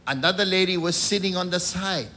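A man doing stand-up in the persona of a cardinal, telling jokes slowly and deliberately and pausing before punchlines. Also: high-pitched, bright, forceful tone. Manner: slow, deliberate joke delivery with punchline pauses.

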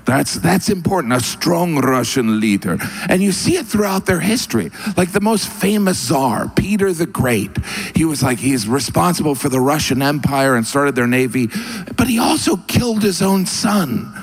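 A man performing a stand-up comedy routine on stage in a wry, deadpan storytelling manner. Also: moderate pace, vocal fry, breathy edge, soft background music. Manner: wry, deadpan storytelling with sudden high-pitched asides.

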